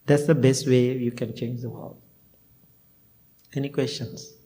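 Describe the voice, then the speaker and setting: Chuckling monk giving a homely talk. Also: male voice, mid-range voice, steady tone, a little slow, warm tone. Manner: plain simple phrasing with chuckles, acts out both sides of conversations. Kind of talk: informal dharma talk to a temple group.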